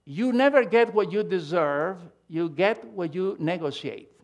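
A man preaching a sermon, emphatic and animated, swinging between loud and hushed delivery with halting restarts. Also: high voice. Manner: halting restarts and repeated words.

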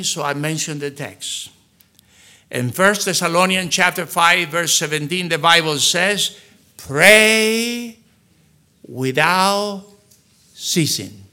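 A male pastor preaching a sermon in a high, bright voice. He leans hard on key words and acts out the scripture he reads, with sudden pushes in volume. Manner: emphatic, acts out scripture quotes.

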